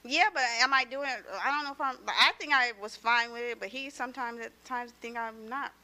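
A mother talking about her family, hesitant and halting, searching for her words. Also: fairly high pitch, fairly even intonation, bright, forceful tone. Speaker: guest, mother of children. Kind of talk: personal conversation.

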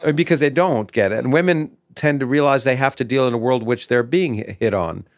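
Halting male interview host. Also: mid-range voice, no echo, studio quality. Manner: searching for words, halting questions. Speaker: podcast host. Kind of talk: casual interview conversation. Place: office.

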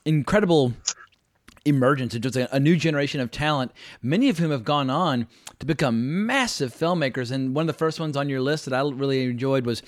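Fast-talking man, dry sound. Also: medium pitch, dry recording. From United States. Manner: enthusiastic, quick talker. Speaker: podcast host. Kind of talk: casual podcast chat.

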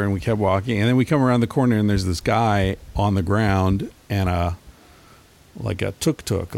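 Middle-aged male host, low and gravelly, rambling profane storyteller on a handheld mic. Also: darkish tone. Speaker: podcast host. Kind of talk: casual solo monologue.

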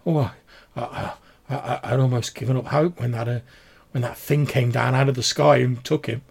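A man's voice: mid-range voice, fairly even intonation, normal speed, vocal fry, breathy edge, voice pushed up. A man voicing a grieving middle-aged village woman who stammers and fights back tears. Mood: tearful. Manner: stammering, tearful, breathless.

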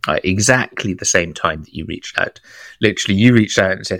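A man co-hosting a podcast, moving between a read intro and lively casual chat, laughing often. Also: low voice, fast talker, dry recording. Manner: enthusiastic, laughs often, quotes himself in raised voice. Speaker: podcast co-host.

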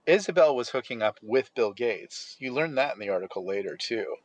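Sarcastic man co-hosting a podcast, mid-pitched, interrupts a lot. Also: lively intonation, a little fast. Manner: sarcastic, interrupting, mock voices. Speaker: podcast co-host. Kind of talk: casual conspiracy podcast chat.

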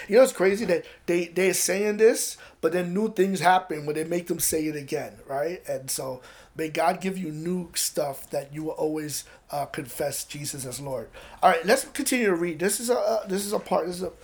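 A man preaching a casual, conversational sermon, reading scripture aloud and breaking off for quick asides. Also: high-pitched, vocal fry.

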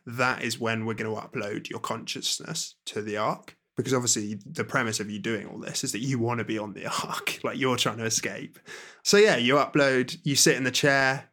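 A man's voice: mid-range voice, steady tone, normal speed, a bit bright. A man chatting casually as a podcast co-host, telling a story and acting out characters' lines. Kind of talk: casual chat.

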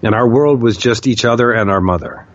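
A man's voice: medium pitch, a little fast, no echo, dull audio. A man casually telling a long personal story, swearing freely and often saying "like.". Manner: candid, profane, with frequent "like" fillers.

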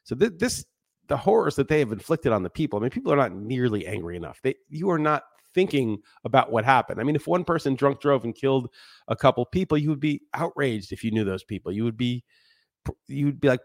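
A man's voice: mid-range voice, sing-song, fairly quick, vocal fry, dry recording. Guy going off on his podcast, angry and sweary, dry close mic. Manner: heated, profane ranting. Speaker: podcast host. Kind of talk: solo podcast monologue.

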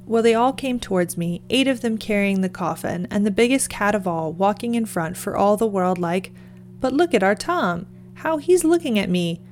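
A woman voicing an excited rustic gravedigger who eagerly tells a strange tale, in a storybook reading. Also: mid-range voice, moderate pace, soft background music, lightly acted.

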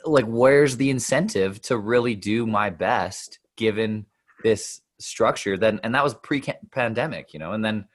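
A man's voice: lowish voice, measured pace. A man co-hosting a podcast, a lawyer who chimes in with wry, sarcastic asides. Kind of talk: podcast interview conversation.

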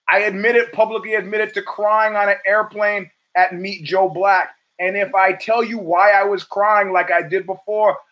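An older man hosting his own show, talking in a rambling, profane, animated monologue full of stories. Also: high-pitched. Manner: profane, rambling, animated storytelling with acted quotes. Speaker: podcast host. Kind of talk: casual monologue.

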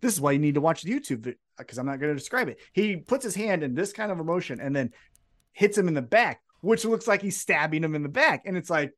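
A man co-hosting a wrestling podcast, recapping events in an excitable, profane, casual chat. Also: a little high, fast. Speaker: podcast co-host.

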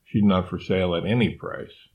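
A calm, principled defender of animals from a storybook who speaks slowly and firmly, as a man reads him. The voice is low and deep. Each refusal comes out measured and steady. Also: muffled recording, close to an everyday voice.

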